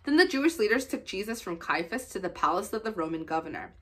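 A woman reading scripture aloud to children in a steady, plain narrating voice. Her pitch sits in the middle range and the delivery is an even read-aloud pace. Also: fast. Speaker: Bible reader for children.

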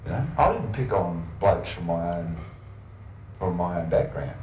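A man's voice: sits low, animated, measured pace, darkish tone. A man with an Australian accent telling crude, rambling anecdotes, acting out other people's voices and breaking into laughter. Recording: roomy distant archive recording with faint noise.

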